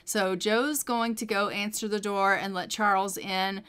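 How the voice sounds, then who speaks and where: A young woman narrates her game casually, telling its story with plenty of fillers. Her voice is smooth and clear at a medium pitch. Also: fairly even intonation, a little slow, fairly bright tone. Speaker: let's play narrator.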